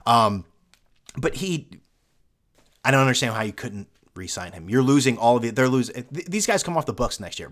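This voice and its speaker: A man's voice: medium pitch, fairly bright tone. A young man hosting a solo sports podcast, ranting in a sarcastic, mocking way. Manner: sarcastic, mocking, with mimicked fan voices. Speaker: podcast host.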